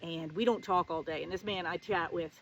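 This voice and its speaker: A woman's voice: lowish voice, steady tone, fairly quick, lo-fi sound, a little hiss or hum. A middle-aged woman hosting her own show, telling a personal story in a casual, sassy and sarcastic way. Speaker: show host.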